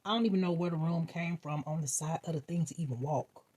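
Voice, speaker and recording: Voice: medium pitch, fast, breathy edge. A vlogger casually telling a funny dream, acting out reactions, laughing often and swearing freely. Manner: animated, acts out voices and reactions, laughs often.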